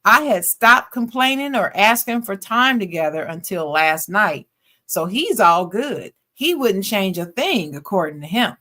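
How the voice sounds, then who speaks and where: A woman podcast co-host reading a listener's letter aloud in an expressive way, breaking off now and then for casual slangy asides. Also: medium pitch, a little slow.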